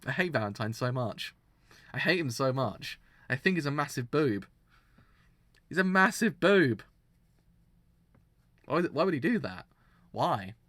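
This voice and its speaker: A man ranting in an animated, exasperated way about a story's villain on a live reaction stream, often restarting his sentences. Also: medium pitch, unhurried, pauses often, no room sound.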